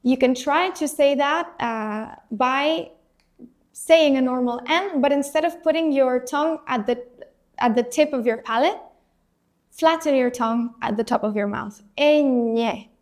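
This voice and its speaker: A woman's voice: sits high, a little slow. A woman teaching a beginner language lesson, patiently modelling each letter for the learner to repeat and reassuring them along the way. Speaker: Spanish teacher.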